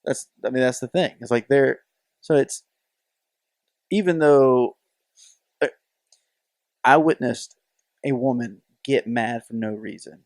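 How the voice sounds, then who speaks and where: A man with a medium-pitched voice speaks slowly, leaving long pauses, in a dry, studio-quality recording. He's co-hosting a podcast, chatting casually and telling stories with real animation, acting out the voices of the people he quotes.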